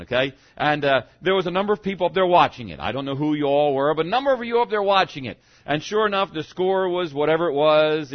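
A man preaching a sermon to his congregation, swinging from loud to hushed as he goes. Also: a little high. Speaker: pastor. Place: church sanctuary. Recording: dull lo-fi sound.

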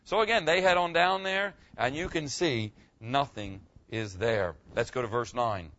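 A male pastor preaching a sermon, animated, swinging between loud bursts and hushed asides. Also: mid-range voice, measured pace, lo-fi sound.

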